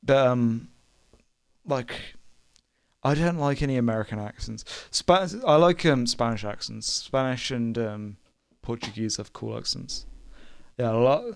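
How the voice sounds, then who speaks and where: A man's voice: medium pitch, a little slow, gravelly, clear, resonant tone, no echo, studio quality. A young man with a British accent chatting casually while streaming a game, rambling and hesitant with many fillers and short laughs. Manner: laughs between remarks. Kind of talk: casual chat while gaming.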